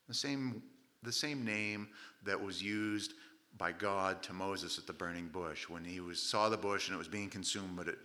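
A male preacher with a low but very bright, ringing voice delivers a sermon in a loose, conversational way. He jokes with his listeners, acts out the voices of the people in his story, and often restarts his sentences as he goes. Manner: conversational and humorous, acting out voices, frequent restarts.

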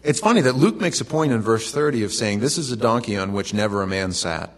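A middle-aged man preaching a sermon, telling the story in a relaxed, conversational way with lively asides to the congregation. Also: on the low side, brisk. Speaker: pastor.

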